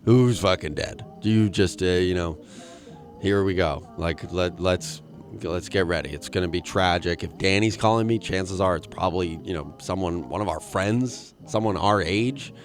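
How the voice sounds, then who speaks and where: Brief: young male podcast host, lowish voice, rambling self-mocking comic monologue, faint music behind. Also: moderate pace. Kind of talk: solo comedic podcast monologue.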